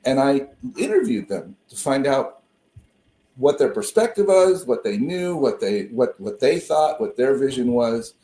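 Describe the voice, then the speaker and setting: A man talking over a video call in a roomy space with a mellow, dark tone. He rambles through personal stories, restarting phrases often. The sound is echoey. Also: mid-range voice, big pitch swings, unhurried. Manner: rambling, self-interrupting storyteller. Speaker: co-host and minister. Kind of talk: casual conversation on a call.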